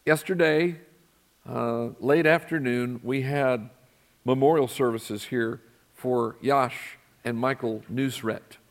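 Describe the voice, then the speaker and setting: A man's voice: medium pitch, steady tone, takes it slowly. A middle-aged man preaching a sermon in a church, talking conversationally and asking his congregation questions. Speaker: pastor. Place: church sanctuary.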